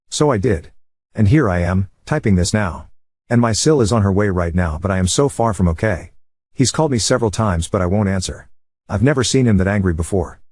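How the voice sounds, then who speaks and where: A man narrates a story, reading an online confession aloud from a script in a brisk, even delivery. His voice is on the low side and races along, and the sound is close and dry.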